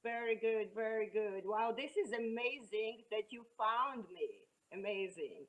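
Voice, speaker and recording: Georgian accented woman, talk show guest, outspoken and jokey, slightly high voice. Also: unhurried, low-quality recording. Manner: outspoken, animated and joking.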